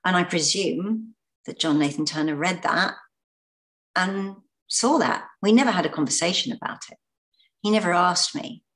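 A low-pitched English woman talks as an interview guest. She reminisces with hesitations and repeated words, often laughing. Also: normal speed, a bit bright. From Britain. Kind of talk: anecdotal interview talk.

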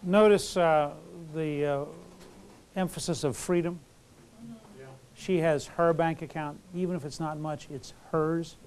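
Male lecturer, fairly high voice, loose conversational delivery full of fillers. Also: fairly even intonation, measured pace, a little mellow, a little hiss or hum. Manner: conversational, many fillers and restarts. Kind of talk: college lecture.

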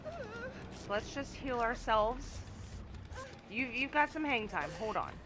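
A woman doing live gameplay commentary as a channel host, swearing often and yelping and shouting when she gets scared. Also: on the high side, wildly swooping pitch, slow, background noise. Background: loud game music and sounds.

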